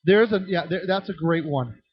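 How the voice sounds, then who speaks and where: A man's voice: fairly high pitch, normal speed, husky, no echo. A man leading a children's ministry training workshop, answering questions from the audience and acting out voices in his stories. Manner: animated, acts out voices in anecdotes, frequent restarts. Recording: dull lo-fi, dry sound.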